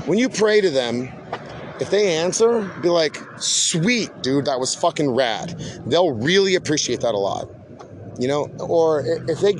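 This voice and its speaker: A man's voice: on the high side, background noise. A man hosting a podcast in a rambling, casual monologue, laid-back and swearing often, calling people "dude". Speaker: podcast host.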